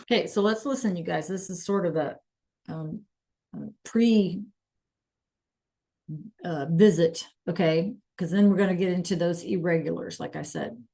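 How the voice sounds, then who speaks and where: A woman's voice: fairly low pitch, moderate pace, long pauses, warm tone. A woman teacher talking casually to students in a live online class, chatty, with fillers. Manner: chatty, with fillers and throat-clearing. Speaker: Spanish teacher.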